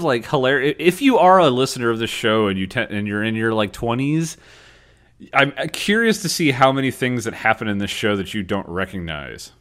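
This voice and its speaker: A man co-hosting a casual podcast chat, slangy and animated, often acting out characters' lines. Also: medium pitch, normal speed. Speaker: podcast co-host.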